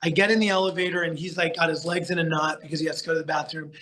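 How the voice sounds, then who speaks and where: A middle-aged man tells stories as a podcast guest, rambling and animated with plenty of fillers. His voice sits a little high and sounds bright and forceful. He comes from the United States. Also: very fast, a little hiss or hum. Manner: chatty, animated storyteller with many fillers and restarts. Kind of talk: casual storytelling interview.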